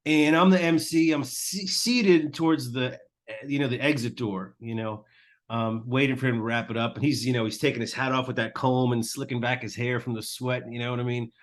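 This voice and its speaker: A middle-aged man hosts a relaxed conversation about stand-up, spinning a long backstage story. He jumps into the voices of the people he quotes, keeping the telling lively. His pitch sits right in the middle for a man. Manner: animated storyteller, acts out quotes. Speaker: host. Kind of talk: casual chat.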